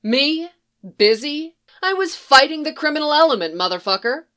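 A woman's voice: lively intonation, normal speed. A woman voicing a brash, foul-mouthed, hard-drinking young woman in a raised, mocking voice. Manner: loud, mocking, higher put-on voice.

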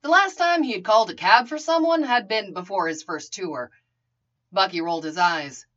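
Brief: expressive woman storyteller, muffled home recording. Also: medium pitch, moderate pace. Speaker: reader. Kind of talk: storybook narration.

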